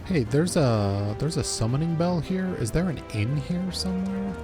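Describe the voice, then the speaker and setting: A man's voice: fairly high pitch, animated, moderate pace, music in the background. A man casually commenting and joking while playing a game, with self-deprecating asides. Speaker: streamer.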